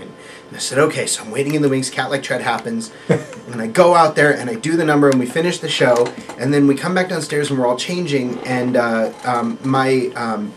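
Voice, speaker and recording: A man's voice: mid-range voice, normal speed, slight background noise. A man telling a long story in casual chat, acting out the voices of the people in it. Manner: lively, acts out quoted voices. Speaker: guest actor telling a story.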